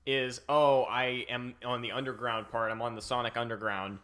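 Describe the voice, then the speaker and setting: A man's voice: medium pitch, flat delivery, normal speed, fairly bright tone. A man in his twenties joking and teasing in casual chat over gameplay footage. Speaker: co-host.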